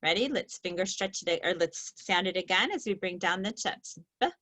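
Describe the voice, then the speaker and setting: A woman teaching a reading lesson, slowly stretching out the sounds of each word in a patient, clear way. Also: lowish voice, sharp tone. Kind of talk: slow, patient phonics lesson.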